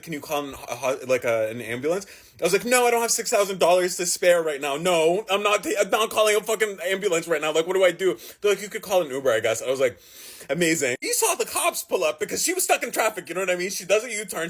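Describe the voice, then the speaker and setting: A young man telling a personal story in a casual, animated way, with lots of fillers and swearing. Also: sits high. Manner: animated, dramatic storytelling with frequent laughs and swearing.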